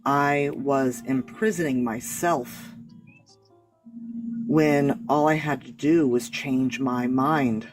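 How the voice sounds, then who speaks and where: A man's voice: mid-range voice, fairly even intonation, slow pace, faint music behind, low-quality recording. A man, a guest on a live talk show, explaining his spiritual beliefs in an earnest, rambling way with many restarts. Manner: earnest, rambling, self-correcting. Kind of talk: casual discussion.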